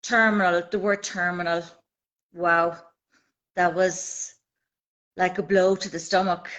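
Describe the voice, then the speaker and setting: A woman's voice: fairly low pitch, steady tone, takes it slowly, a bit bright, low-quality recording. A woman in her fifties with an Irish accent, a guest on a live video call, talking earnestly about her own experience in repeated rallying phrases. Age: 50s. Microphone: phone held by hand on video call.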